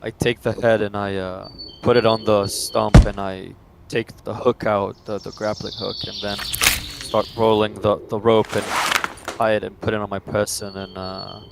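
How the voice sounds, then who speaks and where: A man with a low, gravelly voice, playing a tabletop game in a measured, formal way. Clear background noise sits under his voice. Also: flat delivery. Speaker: player. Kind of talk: in-character tabletop play.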